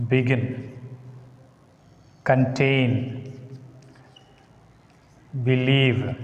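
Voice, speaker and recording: Teaching English word stress, a man with an Indian English accent and a fairly high voice goes slowly, repeating words and rules and asking "got it?" to make sure students keep up. The room is echoey with a long reverb.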